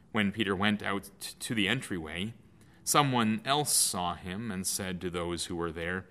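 A man reading a Bible passage aloud in a measured, clear way, as a lesson. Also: lowish voice, animated, bright, forceful tone. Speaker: scripture reader. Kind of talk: scripted scripture reading.

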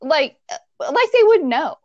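A woman with a fairly high, very lively voice tells a story in a casual chat. She acts out the people in it in squeaky high voices and laughs at herself as she goes. The sound is dry and close. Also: slow, no echo, dull audio. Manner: self-mocking, laughs while telling.

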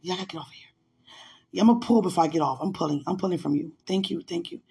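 A woman chatting on a faith podcast call. She swings between hushed murmurs and loud, laughing outbursts, and keeps telling herself to calm down. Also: medium pitch, quick pace. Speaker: podcast co-host. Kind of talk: casual faith chat on a call.

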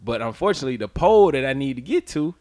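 A man spins a casual, profane story on a podcast, his voice swinging widely as he goes. He keeps laughing through it and acts out his own yelling. His pitch sits in a middle range. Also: sing-song, quick pace. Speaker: podcast co-host.

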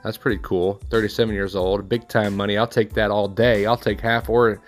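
Casting note: thirty-something man, relaxed sports recap host, rambling and offhand, faint music behind. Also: lowish voice, normal speed. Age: 30s. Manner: offhand, rambling score rundown with personal asides.

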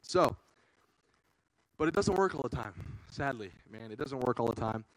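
A man's voice: medium pitch, expressive, moderate pace, dry recording, low-quality recording. A young man preaching a casual, earnest youth sermon, peppering his talk with "man".

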